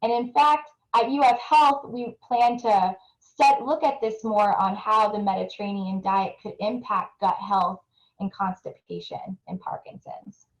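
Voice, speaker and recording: A young adult woman, a nutrition researcher, presents a webinar that includes an audience poll, explaining her work earnestly and often restarting phrases. Her medium-pitched voice is fairly even and measured, in an echoey room with a rough recording.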